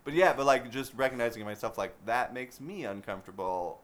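A man co-hosting a podcast, chatting casually in a rambling, halting way with many fillers. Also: medium pitch, expressive, fairly bright tone. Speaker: podcast co-host. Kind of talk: casual chat.

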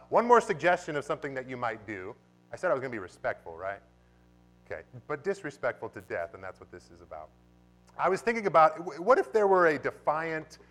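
Animated male pastor preaching. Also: mid-range voice. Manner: animated preaching, bursts into loud exclamations. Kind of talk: sermon. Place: church sanctuary.

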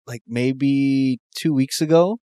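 A man telling a story in casual chat, laughing often and mimicking people in a high voice. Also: slow pace, dark tone, clean tone, dry recording.

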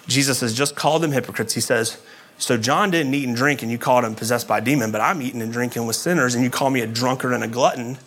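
A man's voice: mid-range voice, fairly bright tone. A man giving a sermon as a pastor, explaining scripture in a conversational way with casual asides.

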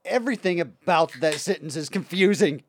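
A man's voice: a little high, expressive, fairly quick, slight background noise. A man co-hosting a casual podcast who answers with dry, wry quips. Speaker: podcast co-host.

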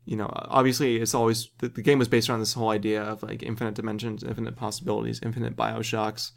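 Male podcast host, lowish gravelly voice, rambling thoughtful delivery. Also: level tone, quick pace. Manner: thoughtful, rambling, laughs easily. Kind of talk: casual podcast discussion.

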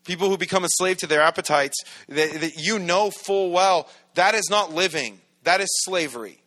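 Bright-voiced joking male pastor. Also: high voice, normal speed. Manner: joking, animated, acts out little scenes. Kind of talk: casual conversational sermon.

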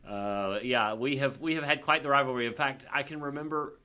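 A man's voice: mid-range voice, a little fast. A man from Mississippi with a Southern accent, a comedian and attorney chatting as a podcast guest and telling stories with frequent chuckles. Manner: chuckling, animated storyteller. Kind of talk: casual podcast chat.

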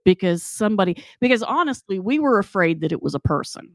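A woman casually telling a spooky personal anecdote, animated and acting out the dialogue. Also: mid-range voice, fast, no room sound, studio quality. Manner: animated, acts out dialogue in quotes. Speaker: storyteller.

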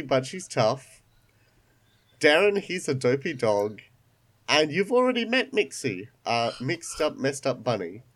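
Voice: medium pitch, fairly bright tone. A game master narrating an online tabletop game, voice still recovering after being sick.

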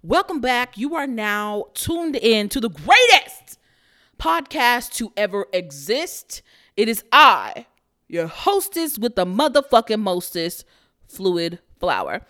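A woman's voice: a little high, big pitch swings, takes it slowly, pushed and bright. A young adult woman hosting her own podcast, talking in a brash, profane, playful way and laughing often. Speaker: podcast host. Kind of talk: casual solo podcast monologue.

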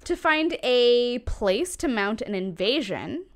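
A woman's voice: a little high, takes it slowly. Laughing, swearing woman storyteller. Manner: laughs often, swears freely, animated. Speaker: podcast host telling a history story. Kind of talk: casual storytelling chat.

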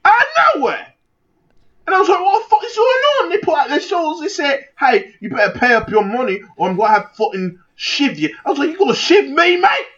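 A man's voice: medium pitch, racing, few pauses, voice pushed down, lightly acted. A man putting on a rowdy cursing British bloke. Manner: profane, exaggerated, self-admittedly terrible British accent. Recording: lo-fi, dull sound.

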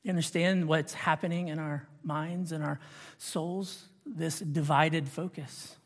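A man's voice: on the high side, steady tone, a little slow. Man preaching in a reverberant hall. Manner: preaching with rhetorical questions and swells of intensity. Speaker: pastor. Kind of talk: sermon.

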